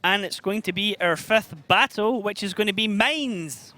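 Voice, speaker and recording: A man with a Scottish accent casting a live esports match, upbeat and quick with the play-by-play. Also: high-pitched, over music. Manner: brisk, upbeat play-by-play with laughs. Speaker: esports caster.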